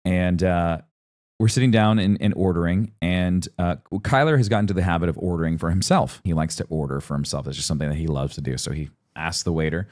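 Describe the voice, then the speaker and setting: A man in his thirties co-hosts a podcast, chatting casually in a low-pitched voice at a fairly quick pace. He's an animated storyteller who acts out voices.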